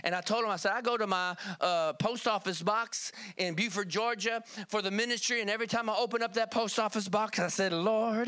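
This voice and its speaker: A man's voice: high voice, moderate pace, sharp tone, no room sound. A man from Kentucky telling a folksy testimony in a sermon, calling on the church for amens. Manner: folksy storytelling, calls for amen. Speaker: preacher.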